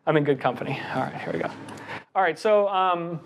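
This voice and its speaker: Man, middle-aged, lecturer, animated, pitched a bit high, breath-paced delivery. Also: noisy background. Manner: animated, recites verse with deliberate breaths. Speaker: presenter. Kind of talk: coaching lecture on giving talks.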